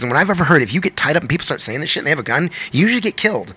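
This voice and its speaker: Fast-talking, animated man telling a story. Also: a little high, breathy edge. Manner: animated, profane, acts out quotes. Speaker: podcast guest, touring musician. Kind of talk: casual storytelling chat.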